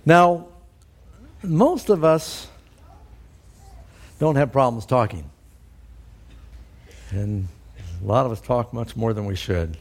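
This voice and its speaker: Middle-aged guy preaching, chatty storyteller, lots of uh and um, normal pitch. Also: expressive, takes it slowly, long pauses. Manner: conversational storytelling with fillers. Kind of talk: sermon.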